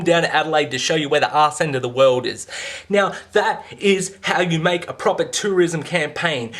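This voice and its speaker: A young Australian man with an Australian accent, delivering a profane, sarcastic comedic rant to camera. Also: on the high side. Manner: sweary, sarcastic, exasperated. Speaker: vlogger.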